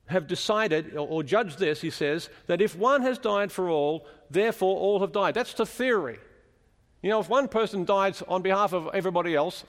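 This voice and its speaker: A man's voice: high-pitched, in a large hall. A man preaching a sermon in a chapel, explaining scripture and asking the congregation questions as he teaches.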